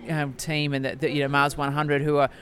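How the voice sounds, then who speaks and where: A woman's voice: low-pitched, little pitch movement, brisk. A woman co-hosting a podcast, chatting in a reflective, enthusiastic way with frequent restarts. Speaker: podcast co-host and speaker. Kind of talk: casual chat.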